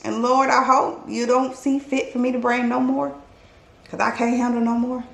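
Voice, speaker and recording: A woman's voice: on the high side, little pitch movement, normal speed, gravelly, fairly bright tone. A woman vlogging to her viewers in a chatty, candid way, talking to them directly as y'all. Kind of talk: casual talking-to-camera vlog. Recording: roomy echo.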